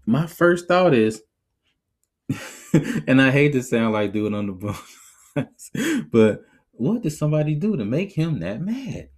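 A man hosting a podcast, giving his opinions in a casual, animated way and often laughing as he talks. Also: medium pitch, slow, pauses often. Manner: conversational, reflective. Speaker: podcast host.

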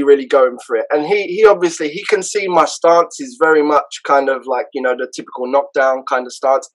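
A man with a London accent, a podcast guest and karate instructor, telling stories casually in an animated way, with frequent restarts. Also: fairly high pitch, poor audio. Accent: London English. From London, England. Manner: animated, acts out others' voices, frequent restarts. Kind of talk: casual storytelling.

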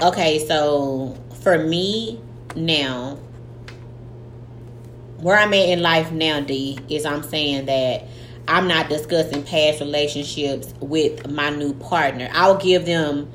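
A woman's voice: deep voice, takes it slowly. A woman co-hosting a podcast, giving blunt, slangy advice in casual chat. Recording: echoey room with faint noise.

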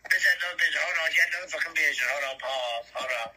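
A young man co-hosting a casual podcast, roasting his friend in loud, profane, rapid-fire banter. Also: on the high side, slight background noise, low-quality recording. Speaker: podcast co-host. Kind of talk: casual chat.

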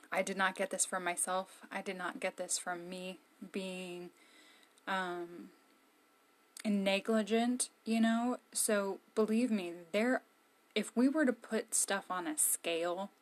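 Candid, blunt woman vlogging from her room. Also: medium pitch. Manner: candid, emphatic, blunt, with frequent fillers. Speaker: vlogger giving encouragement. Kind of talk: casual motivational talk to camera.

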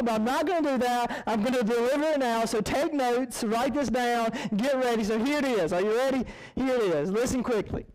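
High-voiced young man telling a story. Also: smooth, poor audio. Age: young adult. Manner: animated, rambling, self-interrupting. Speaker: college student speaker. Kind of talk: casual storytelling talk.

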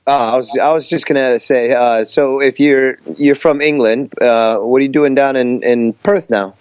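Male co-host, smooth resonant voice, relaxed, lo-fi call sound. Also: medium pitch, normal speed. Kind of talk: casual chat. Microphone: remote call.

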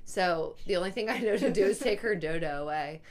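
A woman's voice: fairly low pitch, a little fast. A young pregnant woman in casual chat, telling a long story with plenty of "like" fillers. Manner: rambling, filler-heavy storytelling.

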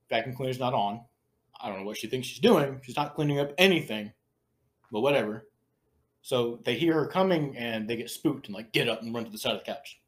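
Crude, chatty male podcast host. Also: medium pitch. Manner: crude, laughing storyteller. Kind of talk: casual chat, retelling a scene.

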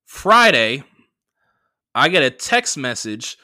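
A young man tells a story on his podcast, animated and profane, acting out both sides of a conversation. His voice is bright and forceful. The sound is dry and close, with no room around it. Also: fairly high pitch, slow, pauses often, no room sound. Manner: animated retelling with profanity and quoted dialogue. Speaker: podcast host. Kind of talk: casual storytelling monologue.

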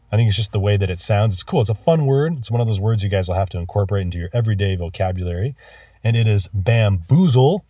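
A man teaching a vocabulary lesson, enthusiastic about words and spelling them out slowly. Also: on the low side, mellow, no echo, studio quality, far from the mic.

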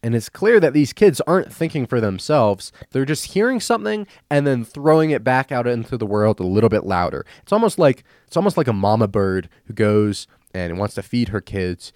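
A man hosts a podcast in a casual, ranting style and tells stories animatedly. His pitch swings widely. The sound is dry and close. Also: dry recording. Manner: animated, storytelling. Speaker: podcast host. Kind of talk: casual opinion rant.

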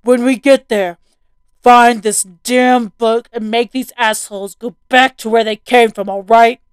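A woman voicing a gruff, determined middle-aged father in a horror story, blunt and cussing. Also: a little high, steady tone, unhurried, dry recording, lightly acted. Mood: urgent.

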